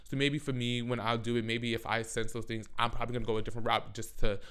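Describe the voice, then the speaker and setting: A man ranting in a casual, sassy, profane and animated way, full of slang, in the manner of a podcast host. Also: mid-range voice, quick pace, clear, resonant tone. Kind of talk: casual rant.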